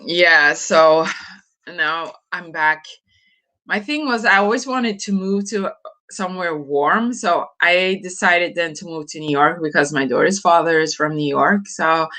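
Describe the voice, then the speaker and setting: A woman's voice: sits low, measured pace, bright, forceful tone. A middle-aged woman from Norway chatting casually on a live morning stream, rambling with lots of fillers and small laughs.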